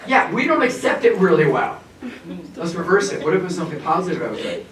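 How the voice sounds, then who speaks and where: A man giving an animated, humorous professional development talk to an audience of teachers in a conference room. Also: high voice, fast talker, recorded from a distance, a crowd in the background. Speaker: presenter. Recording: roomy echo, speaker away from the mic, faint noise.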